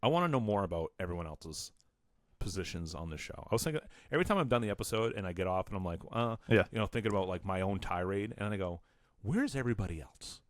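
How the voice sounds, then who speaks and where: A man's voice: deep voice, lively intonation, quick pace, dry recording. A man co-hosting a comedy podcast, ranting in casual chat and swearing often. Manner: profane, ranting. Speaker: podcast co-host.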